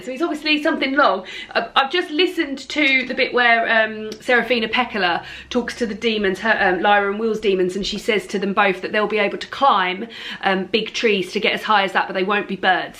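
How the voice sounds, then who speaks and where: A woman's voice: medium pitch, steady tone, fairly quick, sharp tone. A young woman chatting at home to camera about her reading plans, giggly and chatty with lots of ums and restarts. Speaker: book vlogger. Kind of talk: casual chat to camera. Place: at home indoors.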